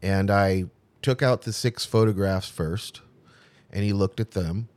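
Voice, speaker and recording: A middle-aged man, a tattoo artist, telling his own story in a casual interview, animated and acting out the people he quotes, with frequent restarts. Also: fairly low pitch, a little slow, no echo.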